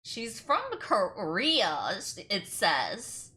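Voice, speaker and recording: A woman streamer chatting casually while reacting to a video, animated and quick to laugh, with lots of filler words. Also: mid-range voice. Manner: animated, giggly, breaks into laughter often; chatty, heavy use of 'like'. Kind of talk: casual livestream reaction chat.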